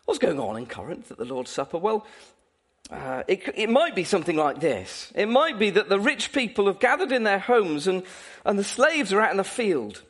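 A male preacher delivering a sermon. His voice sits high and swings widely in pitch. He is animated and playful and laughs often as he speaks. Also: moderate pace, husky.

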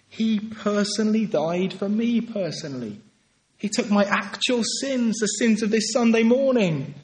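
A man delivers a sermon in a fairly high voice. He pleads earnestly with his listeners, building to emphatic peaks before dropping back to quiet, soft passages. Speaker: preacher.

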